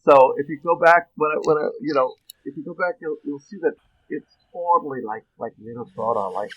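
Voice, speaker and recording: A man, a guest actor on a podcast, telling animated behind-the-scenes stories in casual chat and laughing often as he talks. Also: a little high, a little fast, muffled recording. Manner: chuckling, animated anecdotes.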